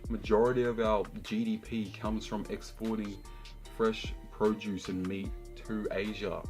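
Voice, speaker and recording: A man's voice: on the low side, little pitch movement, unhurried, a little mellow, soft background music. A man with an Australian accent, hosting a reaction video in an incredulous, ranting way. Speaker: YouTube host. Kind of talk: reaction rant.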